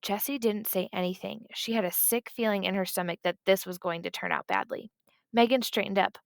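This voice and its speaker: Woman with a gravelly voice reading a children's book. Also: medium pitch, fairly even intonation, fairly quick, no echo, studio quality. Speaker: audiobook reader. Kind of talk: scripted narration of a children's book.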